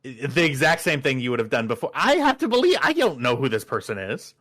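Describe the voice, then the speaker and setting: A man's voice: mid-range voice, lively intonation, a little fast, pushed and bright. A man chatting casually with friends, retelling a work story and acting out the quoted dialogue. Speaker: podcast regular.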